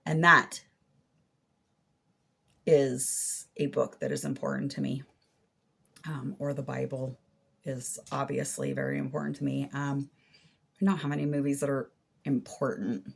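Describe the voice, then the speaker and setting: A woman's voice: very deep voice, fairly even intonation, a little slow, gravelly, long pauses, fairly bright tone, breathy edge. A middle-aged woman crochet vlogger answering questions in a casual, chatty way, thinking aloud as she goes. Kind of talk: casual Q&A vlog.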